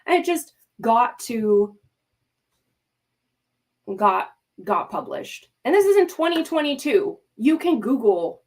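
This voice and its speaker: Hosting a livestream, this woman vents with exasperated, emphatic commentary, swearing without restraint and turning to talk to her chat and mods in the middle of it. Her voice sits on the high side and sounds a little mellow, very animated but slow, with frequent pauses.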